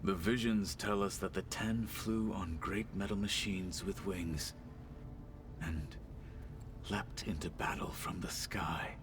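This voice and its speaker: Stern warrior, deep and formal. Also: male voice, fairly even intonation, takes it slowly, noisy background. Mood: solemn. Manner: formal, solemn and clipped. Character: stern grave male tribal warrior. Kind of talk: video game dialogue. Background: game music.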